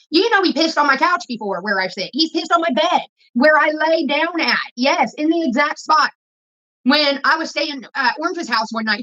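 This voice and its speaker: A woman's voice: on the high side, bright, forceful tone. A woman, ranting casually to her viewers in a blunt, profane, rambling way. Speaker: vlogger. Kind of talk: casual rant to camera. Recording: dull lo-fi phone audio.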